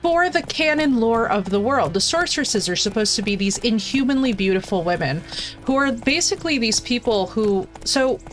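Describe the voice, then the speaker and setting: A woman game streamer ranting casually to her chat in an animated, profane, emphatic way. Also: fairly high pitch, moderate pace, faint music behind. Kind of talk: casual livestream rant to chat.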